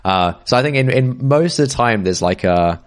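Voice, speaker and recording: A man co-hosting a podcast in casual chat, hesitant, full of fillers and restarts, and quick to laugh. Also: medium pitch, expressive. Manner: laughs easily. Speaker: podcast co-host.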